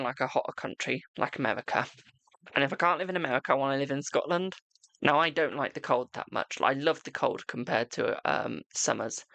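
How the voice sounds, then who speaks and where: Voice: medium pitch, creaky, a bit bright, dry recording. A tarot reader chatting on a live stream at home, reading cards for viewers and calling them "my darling" between frequent laughs. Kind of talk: casual live-stream chat and card reading.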